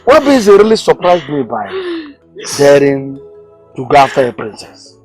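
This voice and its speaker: A man's voice: on the high side, sing-song, moderate pace, a little mellow, faint music behind. A man with a Nigerian accent playing a proud village father with a drawling manner. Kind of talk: film acting.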